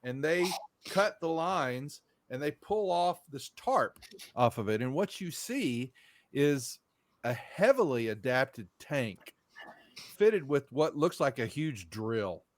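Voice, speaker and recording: A man's voice: medium pitch, sing-song, takes it slowly. A man, running a tabletop game in loose, rambling narration. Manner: loose, rambling, full of fillers and restarts. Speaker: game master.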